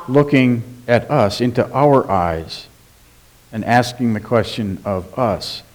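A man preaching a sermon as pastor, emphatic, asking rhetorical questions and slowing down on key words. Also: medium pitch, darkish tone.

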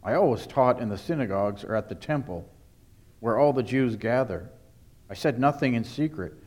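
Jesus, voiced by a man as a calm, steady teacher. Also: medium pitch, normal speed, natural voice. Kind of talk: scripture reading.

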